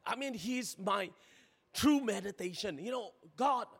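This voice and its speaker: A man preaching a sermon in a lively, chatty way, laughing often and acting out little scenes. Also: high-pitched, measured pace, creaky, slightly rough. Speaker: pastor. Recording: long hall reverb.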